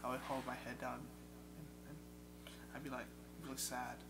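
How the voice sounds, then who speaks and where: A young man in a casual chat about video games, an excitable storyteller who mimics game sounds. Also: mid-range voice, moderate pace, loud music behind the voice. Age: young adult. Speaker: guest. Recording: loud steady hum behind.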